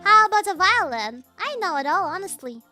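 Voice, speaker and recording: A woman's voice: very high voice, sing-song, a little fast, sharp tone, faint music behind, voice pushed up, heavily acted. A woman voicing a chatty, cheerful teenage girl in a visual novel, with a robotic, singsong Vocaloid-style delivery. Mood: chirpy. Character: chatty cheerful teen girl, fast-talking.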